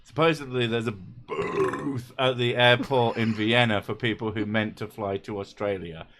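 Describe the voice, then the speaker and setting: A man's voice: mid-range voice, steady tone, fairly bright tone, slight background noise. A man hosting a casual comedic livestream, cracking jokes and swearing freely. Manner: joking, swears freely, quick asides. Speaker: streamer host.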